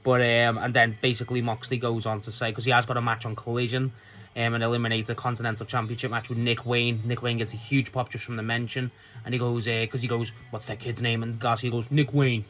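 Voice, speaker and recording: A man rambles through a wrestling show review, swearing freely and tripping over restarts. His voice sits at an ordinary middle pitch for a man, casual and unpolished. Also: completely flat delivery, quick pace, fairly bright tone.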